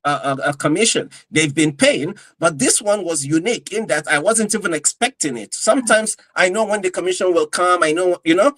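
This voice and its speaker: A man co-hosting a casual podcast chat, telling stories with lively energy and acting out what people said. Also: high-pitched, no room sound, poor audio. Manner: animated storyteller, acts out quotes. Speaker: co-host.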